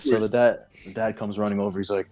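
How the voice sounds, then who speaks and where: A man's voice: lowish voice, steady tone, fast, crowd noise. A man co-hosting a podcast, telling a story in casual chat, swearing often and laughing through it. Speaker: podcast co-host.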